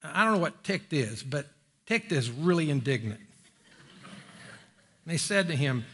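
A middle-aged man preaching a sermon in a church, folksy and joking, climbing higher when he presses a point. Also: lively intonation, measured pace, pauses often, a bit bright, slightly rough. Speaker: pastor. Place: church sanctuary.

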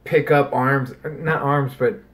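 A man co-hosting a podcast in casual chat, rambling and animated, swearing freely. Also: medium pitch, slow. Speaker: podcast co-host.

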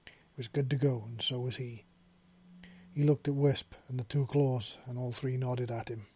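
A man reading fan fiction aloud in a plain, steady voice with small slips. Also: medium pitch, normal speed, husky. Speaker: narrator.

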